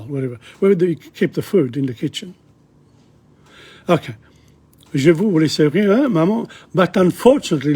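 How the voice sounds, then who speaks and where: Husky, chatty man teaching a language. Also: a little high, darkish tone. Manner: chatty, halting, with frequent restarts and asides. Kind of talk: language lesson, reading a dialogue and translating.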